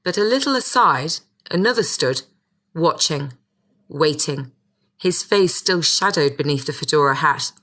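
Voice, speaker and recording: A woman's voice: deep voice, lively intonation, a little slow, a bit bright. A woman reading a first-person audiobook with a wry, sardonic storytelling manner. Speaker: audiobook narrator.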